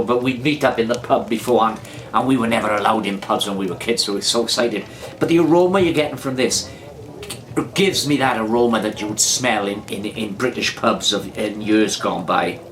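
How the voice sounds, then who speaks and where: A man's voice: mid-range voice, slight background noise. A Welsh man hosting a casual beer review vlog, chatty and rambling, repeating himself and drifting into anecdotes. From Wales.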